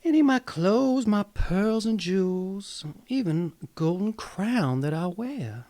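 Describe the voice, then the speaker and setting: A man voicing a tearful, spoiled young princess in a Southern accent, in a high put-on girlish pitch. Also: animated, normal speed, darkish tone. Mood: pleading.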